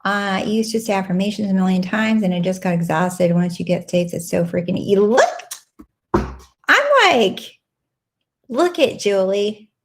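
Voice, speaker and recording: A woman, likely in her thirties, hosting a casual live-stream Q&A and chatting warmly and excitedly with viewers. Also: a little slow. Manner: bubbly, animated, with squealing excited highs. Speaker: live Q&A host and coach.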